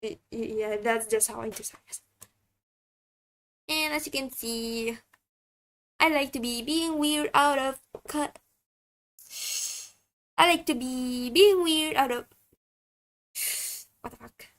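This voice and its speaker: High, slow-talking woman. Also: fairly bright tone. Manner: halting, chatty. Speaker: streamer. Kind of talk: casual stream self-introduction.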